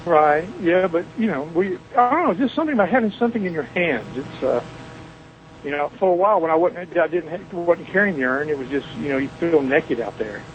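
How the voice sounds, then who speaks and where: A man's voice: a little high, animated, brisk, dull audio, a little hiss or hum. A middle-aged man from Alabama with a Southern US accent, a guest telling boisterous, folksy stories in a phone interview. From Mobile, Alabama, US. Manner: joking, boisterous, folksy storyteller.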